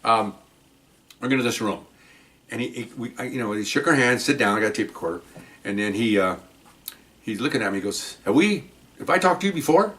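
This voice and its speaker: On the low side and fairly quick, with frequent pauses, an older Mexican-American man who retired from the police tells a casual story to the camera. He animatedly performs what people said and peppers his talk with "okay?"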